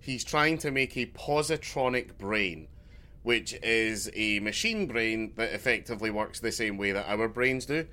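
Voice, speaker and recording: Podcast co-host, male, bright tone, chatty and digressive, curses casually. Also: fairly low pitch, measured pace. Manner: rambling, loses his thread, swears. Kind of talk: casual chat.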